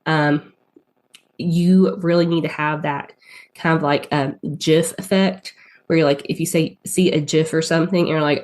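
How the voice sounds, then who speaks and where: A woman's voice: low voice, fairly even intonation, moderate pace, darkish tone. A woman with a Southern US accent who has a cold, chatting as a podcast guest about advertising, full of ums and likes. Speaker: guest, paid ads strategist. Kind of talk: casual podcast interview.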